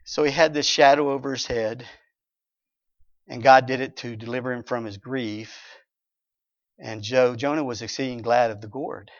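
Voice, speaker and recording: A man's voice: mid-range voice, steady tone, moderate pace, pauses often, no room sound. A man preaching a sermon, reading scripture and retelling it animatedly, acting out characters and chuckling. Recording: dull lo-fi recording.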